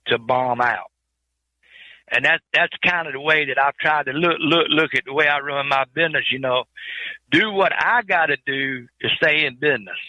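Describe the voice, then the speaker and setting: A man's voice: fairly high pitch, bright, forceful tone, highs cut off. A man telling his trucking life story in an interview, in plain folksy speech with many repeated words.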